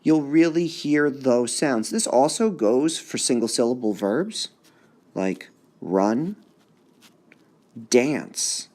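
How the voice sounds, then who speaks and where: A man teaching a recorded high school lesson, sounding out words slowly and exaggerating the stress. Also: lively intonation, a little mellow.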